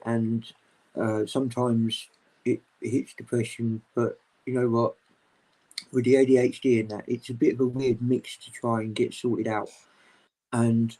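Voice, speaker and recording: A man chatting casually as a guest on a livestream video call, rambling, open and animated. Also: mid-range voice, low-quality recording. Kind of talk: casual chat.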